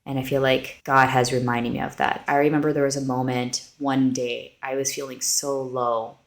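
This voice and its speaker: A woman's voice: extremely low pitch, level tone, moderate pace, creaky. A woman co-hosting a faith-based podcast, telling personal stories in an earnest, heartfelt way. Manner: earnest, heartfelt, storytelling with many likes. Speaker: podcast co-host. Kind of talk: faith-based casual chat.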